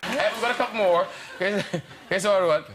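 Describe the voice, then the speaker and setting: Man, Irish accent, talk show host, very high animated voice, loud studio audience. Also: quick pace, a loud crowd. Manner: theatrical, reads out tweets in high mock-dramatic voice. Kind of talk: chat show banter. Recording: studio audience laughter, noisy.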